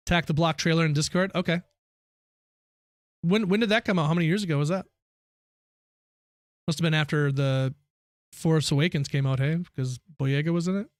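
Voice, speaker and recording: A man's voice: on the high side, dry recording. A young man chatting casually with his viewers during a game live stream. He is chatty and opinionated, ranting with slangy asides.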